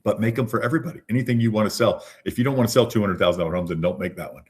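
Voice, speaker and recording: A man's voice: on the low side, racing, a little mellow. A man leading an online real estate training session, talking casually and often checking in with "right?". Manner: chatty, repeats "right?".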